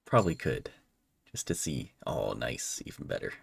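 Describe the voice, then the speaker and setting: In a very deep, breathy voice with vocal fry, a gaming channel host speaks at normal speed with no room sound. He plays through a let's play in a relaxed manner, mulling choices aloud and letting sentences trail off.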